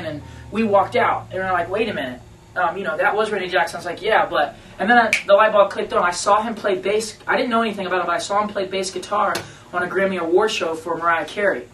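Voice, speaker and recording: A man, a band member, telling a story to radio hosts in a lively, slangy storytelling manner. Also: high voice, fast. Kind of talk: casual storytelling interview. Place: radio station conference room. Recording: roomy room, mic at a distance, faint noise.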